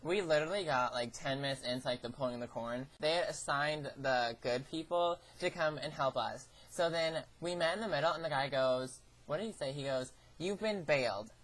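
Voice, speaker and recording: A woman's voice: sits low, normal speed, few pauses. A teenage girl vlogging, telling a story in a chatty way, swearing often and acting out what people said. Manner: chatty, swears a lot, acts out quoted lines. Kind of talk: casual storytelling.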